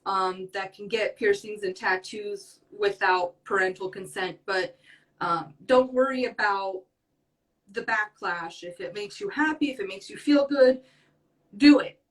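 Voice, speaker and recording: A woman's voice: mid-range voice, measured pace, recorded from a distance, rough recording. A young woman speaking earnestly as a podcast guest in casual talk, rambling with many fillers. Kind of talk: casual conversation.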